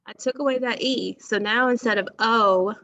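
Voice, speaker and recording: A woman teacher leading a phonics lesson for young children, speaking slowly and deliberately, stretching out words and praising the class often. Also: on the high side, pushed and bright, dry recording, muffled recording. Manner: slow, deliberate, encouraging, stretches words for emphasis.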